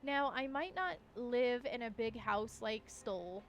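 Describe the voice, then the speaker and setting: A woman's voice: a little high, expressive, slow, lo-fi sound, slight background noise. A woman reading out a councilwoman's rally speech. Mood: earnest. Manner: reads speech aloud, stumbling on words. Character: earnest middle-aged woman councilwoman candidate. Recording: faint game music behind.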